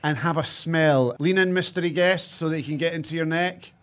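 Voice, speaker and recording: A fairly high-voiced Scottish man hosting a guessing game in casual banter. He teases and presses with quick questions. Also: a bit bright, clean tone. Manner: teasing, quizzing. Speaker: podcast co-host running the game.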